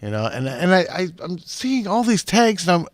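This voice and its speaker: Giggly co-host with a lively, bouncing voice. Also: male voice, high-pitched, moderate pace, no echo. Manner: rambling, repeats words, giggles between lines. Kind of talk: casual comedic chat.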